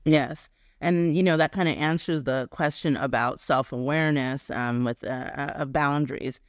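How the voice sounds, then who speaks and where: A man hosting an interview, asking questions in a halting way with many pauses. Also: mid-range voice, steady tone, no room sound, studio quality. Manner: halting, many fillers and restarts. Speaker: host.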